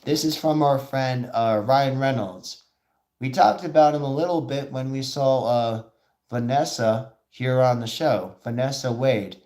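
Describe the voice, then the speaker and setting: A man hosting a live stream, rambling and excitable. He slips into quick impressions of the people he talks about, then carries straight on with his commentary. His pitch sits right in the middle for a man. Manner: rambling, excitable, acts out quoted voices. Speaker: host of a live show.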